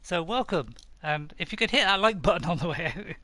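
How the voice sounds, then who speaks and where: Chatty West Country man, bright voice. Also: high voice, animated, brisk, no echo. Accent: West Country English. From Bristol, England. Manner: chatty, chuckling, reads viewer messages aloud. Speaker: game streamer. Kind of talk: casual live-stream chat.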